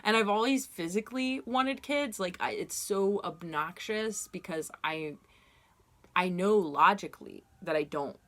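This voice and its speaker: A woman's voice: deep voice, a bit bright. A young woman giving a casual tarot reading to camera, candid and rambling, with frequent ums and self-corrections. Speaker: tarot reader.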